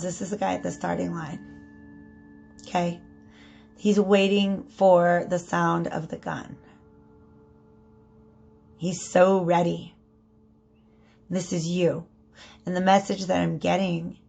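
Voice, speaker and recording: A woman's voice: on the low side, little pitch movement, slow pace, creaky, long pauses, darkish tone, soft background music. A woman giving a casual spoken tarot reading, chatty and prone to repeating herself, often checking in with "okay?". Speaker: tarot reader.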